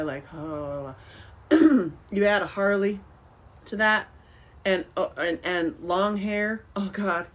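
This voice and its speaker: A woman's voice: medium pitch, poor audio. Chatty lady on a livestream, giggles a lot, rambles on, middle-aged. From American South. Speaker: livestream host. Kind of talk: casual livestream chat reading comments.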